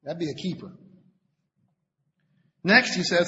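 A man with a slightly high voice preaches an informal sermon as a lay preacher, talking conversationally and stumbling over repeated words. The recording is dull and lo-fi, with a long hall reverb and a faint hiss underneath. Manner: conversational, halting, repeats words while searching for them. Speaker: lay preacher at a Bible study meeting.

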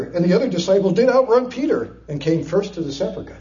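A man preaching a sermon, retelling scripture with lively storytelling, chuckles and frequent fillers. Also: sits high, fast talker. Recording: distant, dull, echoey room.

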